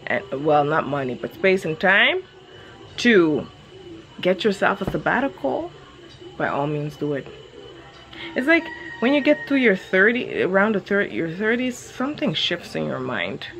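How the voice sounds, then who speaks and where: A woman's voice: on the low side, very animated, a bit bright. A woman in her thirties chatting casually for her vlog outdoors in a yard, rambling playfully from one thought to the next. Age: 30s. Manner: rambling, quick-thinking, playful. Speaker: vlogger. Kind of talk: casual chat.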